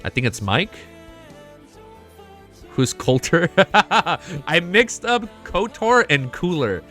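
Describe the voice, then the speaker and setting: A young man streaming a casual reaction, excitable and swearing often, laughing between remarks. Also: sits high, slow pace, soft background music. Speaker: streamer reacting to a web novel. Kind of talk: casual live reaction chat.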